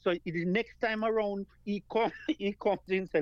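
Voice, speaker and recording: A man's voice: sits high, fairly even intonation, moderate pace, dry recording, highs cut off. A Jamaican man, a guest performer, tells an earnest story in an interview, repeating phrases and calling his listener "man of God.".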